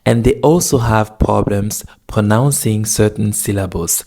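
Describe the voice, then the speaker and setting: A man who learned Chinese as a foreign language, teaching its tones in a slow, demonstrative video lesson. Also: fairly low pitch, vocal fry, a little mellow. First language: not Chinese; learned Chinese as a foreign language. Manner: slow, demonstrative, drawing out tone examples.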